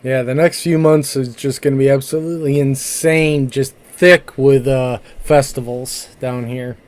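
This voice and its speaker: A man's voice: mid-range voice, steady tone, measured pace. A man co-hosting a podcast, asking his guest easy, friendly questions in a casual chat. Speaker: podcast co-host.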